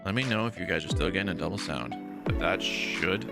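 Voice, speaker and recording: A man's voice: low-pitched, expressive, fairly quick, vocal fry, loud music behind the voice. A man chatting casually during a live game stream, teasing and talking to viewers and people off-mic. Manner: chatty, teasing, talks to chat and off-mic family.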